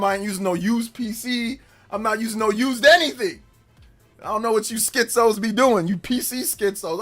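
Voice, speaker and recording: A man hosting a gaming livestream in casual chat, telling stories with lots of laughter and loud acted-out quotes. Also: high-pitched. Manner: animated storytelling, laughs often, acts out quotes loudly.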